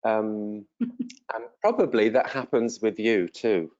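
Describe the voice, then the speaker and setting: Slow, friendly English teacher in his fifties. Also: on the low side, very animated, darkish tone, lo-fi sound. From England. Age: 50s. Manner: slow and clear, with many pauses and fillers; friendly and encouraging. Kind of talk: slow, simple self-introduction to language learners.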